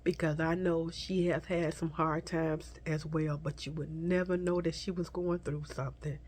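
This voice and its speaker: Tearful woman speaking softly, halting. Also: deep voice, level tone, a little hiss or hum. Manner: soft, halting, slips into whispers, addresses viewers as y'all. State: tearful, crying at times. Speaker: vlogger. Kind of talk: emotional storytime to viewers.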